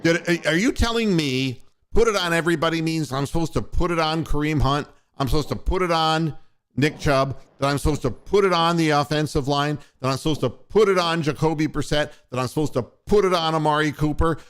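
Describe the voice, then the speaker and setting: A man's voice: a little high, brisk, a bit bright, clean tone. A man hosting a postgame sports radio show, ranting angrily with lots of profanity. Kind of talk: postgame sports talk rant.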